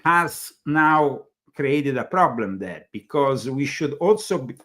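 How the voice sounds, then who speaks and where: An Italian man from Italy hosts a talk show, interviewing in a casual, rambling, hesitant way packed with fillers. His voice is medium in pitch, animated and fairly bright, and he speaks slowly.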